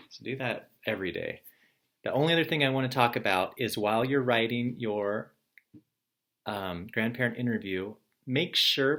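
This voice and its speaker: Relaxed man giving a morning class message. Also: medium pitch. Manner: relaxed, encouraging, explains step by step. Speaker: teacher. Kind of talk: recorded morning message to students.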